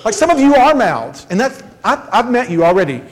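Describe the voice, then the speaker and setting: A man preaching a sermon in a church, conversational and joking with quick asides. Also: very high-pitched, sing-song. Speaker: pastor. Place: church sanctuary. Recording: long hall reverb.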